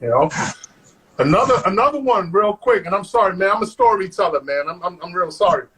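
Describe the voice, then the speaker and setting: A man, a guest on an interview show, telling stories in an animated way, acting out quotes and saying "man" all the time. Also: sits high, brisk, husky, low-quality recording. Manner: animated, acts out quotes, says "man" constantly. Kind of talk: storytelling.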